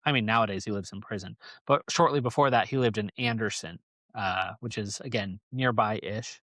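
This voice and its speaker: A man's voice: lowish voice, moderate pace, fairly bright tone, no room sound. A man hosting a podcast, telling a story casually in a rambling, joking way. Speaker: podcast host. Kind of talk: casual chat.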